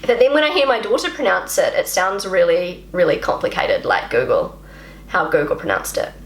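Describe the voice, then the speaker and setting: A woman's voice: on the low side, huge pitch swings, normal speed. Brief: chatty woman vlogger, native English speaker, self-mocking, in a roomy space. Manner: self-deprecating, chatty, repeats words while practising. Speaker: language vlogger. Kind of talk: casual talk to camera.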